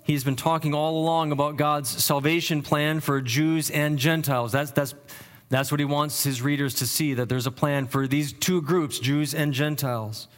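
A man's voice: a little high, fairly even intonation, moderate pace. A pastor preaching an expository sermon, earnest and thinking aloud, often repeating words and lifting his voice to stress key phrases.

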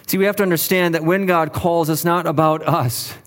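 A man's voice: on the high side, steady tone, fairly quick, in a large hall. A male pastor preaching a sermon in an earnest, emphatic way, leaning on repeated phrases for weight.

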